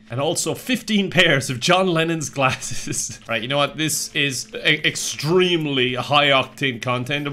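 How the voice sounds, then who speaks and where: A man's voice: mid-range voice, bright, forceful tone. A young Irish man giving let's play commentary in a sardonic, self-mocking way, laughing often. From Ireland. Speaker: gaming YouTuber. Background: faint game music.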